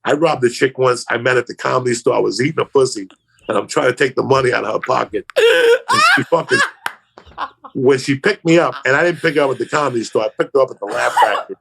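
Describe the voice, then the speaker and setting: Brief: male comic, crude and profane anecdote teller, husky voice with a lively, swinging delivery. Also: medium pitch, fast. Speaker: comedian guest. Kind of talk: casual podcast storytelling.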